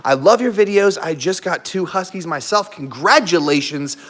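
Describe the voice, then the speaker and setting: Man, live stream host, casual chat at home, fairly high voice, very lively intonation, laughs a lot, coaxes dogs. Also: moderate pace. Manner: animated, laughs often, breaks off to coax his dogs.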